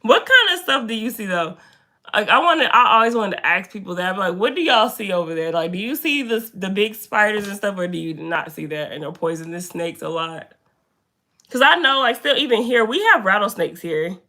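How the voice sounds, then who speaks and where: A young woman hosts a casual live stream from a room indoors. She greets viewers by name and chats with them in an animated way. Her voice is bright and crisp. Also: mid-range voice, fairly quick. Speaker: livestreamer.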